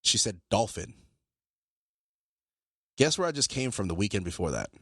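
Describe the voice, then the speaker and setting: A man, a podcast co-host, telling a story in casual talk, animated and swearing, acting out both sides of phone calls. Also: lowish voice, normal speed, breathy edge, dry recording, studio quality.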